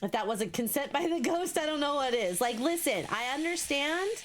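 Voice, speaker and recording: Young woman streamer, kinda high voice, jumpy and sweary, chatting to viewers while she plays. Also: normal speed, a little hiss or hum. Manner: excitable, swears a lot, talks to chat. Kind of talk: live gameplay commentary.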